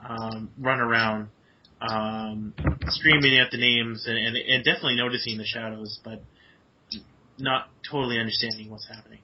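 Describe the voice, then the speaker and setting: A man takes his turn in a storytelling game, talking through his character's actions and often stopping to correct himself. His voice is of middling pitch. The recording sounds dull and lo-fi. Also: flat delivery, moderate pace, a little hiss or hum. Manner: rambling, self-correcting. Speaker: player. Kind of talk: casual in-game talk. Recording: dull lo-fi audio.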